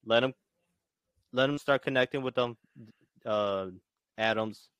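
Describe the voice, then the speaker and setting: A man's voice: mid-range voice, measured pace, a bit bright, clear, resonant tone, dry recording, lo-fi sound. A man co-hosting a casual football podcast, rambling with many fillers and swearing. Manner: rambling, profane, filler-heavy. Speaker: podcast co-host. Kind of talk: casual sports chat.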